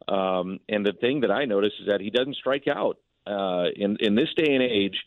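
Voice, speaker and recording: A man with a fairly low voice talks baseball as a radio guest. His delivery is conversational and loose, and he restarts his sentences. He calls in over a tinny, dry phone line. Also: dry recording. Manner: conversational, lots of fillers and restarts. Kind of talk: casual sports radio chat.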